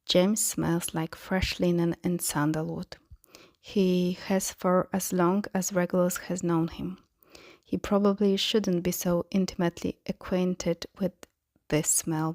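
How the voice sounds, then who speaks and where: A woman narrating a fan-fiction audiobook in a soft voice that often slips into a whisper. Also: on the low side, no room sound, studio quality. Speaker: podfic reader.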